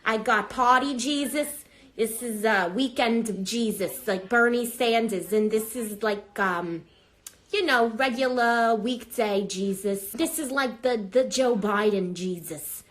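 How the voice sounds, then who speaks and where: Woman doing brash older grandma, rambling, sidetracked, foul-mouthed, fairly high voice, phone livestream. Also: slow pace. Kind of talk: improvised comedy character livestream.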